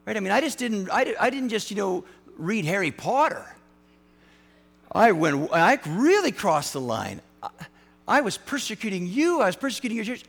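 A male pastor giving a sermon in a casual, animated way, with frequent restarts and fillers. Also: sits high, a little slow, creaky, faint music behind. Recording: hall reverb, mains hum.

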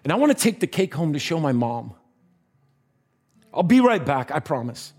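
A man voicing a timid, lonely woman who speaks softly and stammers apologetically. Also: sits low, very animated, normal speed, faint music behind. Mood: shy, hesitant.

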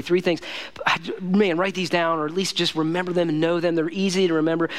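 A male pastor giving a casual, conversational sermon, emphatic and repetitive, often saying "man" and "listen to me.". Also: on the high side.

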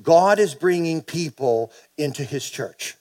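Pastor, middle-aged male, slightly high-pitched, sermon delivery with call-and-response and energetic peaks. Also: a little slow. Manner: preaching with call-and-response, animated bursts.

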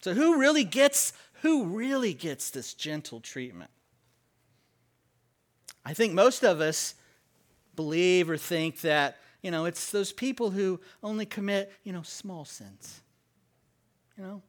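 A man preaching as pastor, leading the congregation in call-and-response and stressing key words. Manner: slow and emphatic with lively pitch swings. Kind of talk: sermon.

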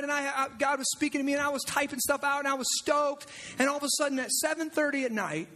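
A man preaching a sermon as pastor, animated, swinging between loud shouts and hushed near-whispers. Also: very high voice.

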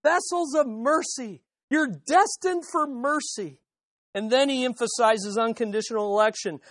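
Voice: medium pitch, a little slow, dry recording. Preacher, expository sermon, rhetorical questions, emphatic repetition, dry close sound. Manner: emphatic, repeats key phrases; swings between loud peaks and hushed asides. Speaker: pastor.

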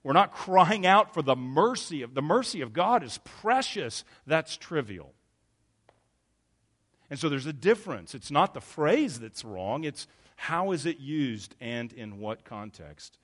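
A man's voice: fairly high pitch, very animated, a little slow, a bit bright. A man preaching a sermon as pastor, earnest and emphatic, often stopping to correct himself.

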